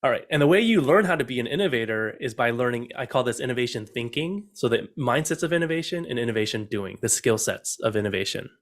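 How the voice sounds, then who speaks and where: A man's voice: mid-range voice, expressive, fast, hardly any pauses. A middle-aged man giving an upbeat online talk on innovation, asking his listeners direct questions. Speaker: innovation speaker.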